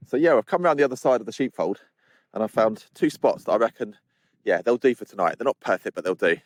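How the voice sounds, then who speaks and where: A man's voice: fairly low pitch, quick pace. A man vlogging outdoors on windy hills, chatting casually to the camera and speaking directly to his viewers. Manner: chatty, addresses viewers directly, relaxed asides. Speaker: hiking vlogger. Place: outdoors on windy fells at a campsite.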